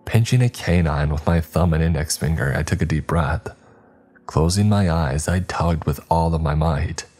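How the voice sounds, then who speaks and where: A male horror narrator tells a creepy tale in a measured, dramatic way. His voice sits extremely low and has a husky grain. A faint music bed runs under him. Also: darkish tone.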